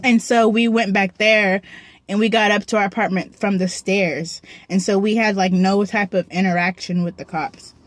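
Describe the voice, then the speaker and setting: Young woman vlogger, mid-pitch, dry sound; slangy, swears a lot, keeps clearing her throat. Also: fairly even intonation, normal speed, dry recording. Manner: profane, slangy storytelling with frequent throat clearing. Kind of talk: casual storytime. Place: parked car.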